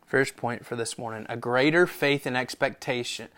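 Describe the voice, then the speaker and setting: At normal speed and in a medium-pitched voice, a man preaches to his church as its pastor. He reads scripture and tells a story, alternating loud proclamations with hushed asides.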